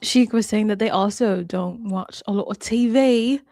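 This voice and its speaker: A woman's voice: mid-range voice, moderate pace, mellow, no echo. A woman hosting a casual reaction chat, talking with laughs and acting out quotes. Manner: chatty, laughs often, acts out quotes. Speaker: host.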